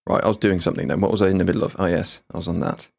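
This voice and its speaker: Brief: man in his thirties, gaming streamer and ex-soldier, blunt sweary banter, lowish voice, dry close sound. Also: fairly even intonation, very fast, creaky, a little mellow, breathy edge, no echo. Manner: frank, sweary, jokey banter. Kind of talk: casual livestream chat with viewers.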